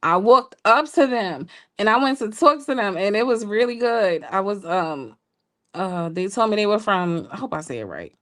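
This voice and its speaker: A woman co-hosting a show, telling a story in a casual, playful way with laughing asides to listeners. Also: moderate pace. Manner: animated, jumps high when quoting people. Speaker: podcast co-host telling a story.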